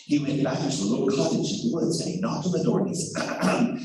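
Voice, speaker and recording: A man telling a folk tale to children with a theatrical, animated delivery. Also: fairly high pitch, a little fast. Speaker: storyteller. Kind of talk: storytelling performance for children. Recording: echoey room, far mic, noisy.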